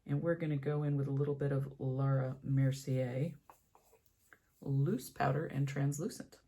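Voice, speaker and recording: A woman's voice: rumbling low, measured pace. A young woman beauty vlogger doing her makeup while telling a story, acting out the voices of the people in it. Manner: animated storyteller, acts out quoted voices.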